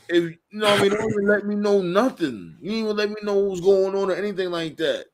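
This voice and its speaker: High-voiced man telling a story, animated. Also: fairly quick, hardly any pauses. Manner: animated, profane, acts out quotes in higher voice. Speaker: podcast host. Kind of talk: casual storytelling chat.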